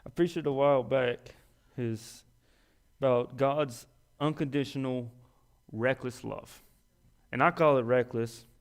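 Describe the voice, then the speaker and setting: A young man preaching at a church service, talking in a folksy, self-deprecating way. His voice sits a little high for a man, and he builds to loud, emphatic peaks before dropping back to quiet confession. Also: clear, resonant tone. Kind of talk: sermon.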